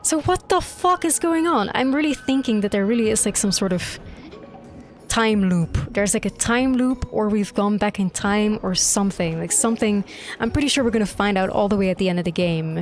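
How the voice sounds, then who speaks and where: A young woman streamer reacting live to a game, excitable and gushing, swearing freely. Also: mid-range voice, brisk. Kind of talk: live gameplay reaction commentary. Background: faint game music.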